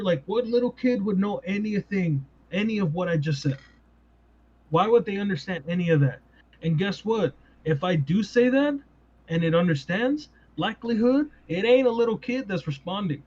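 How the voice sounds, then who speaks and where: A man hosting a podcast in casual chat, animated and full of rhetorical questions. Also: high voice, normal speed. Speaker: podcast host. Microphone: podcast mic. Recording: dull lo-fi sound.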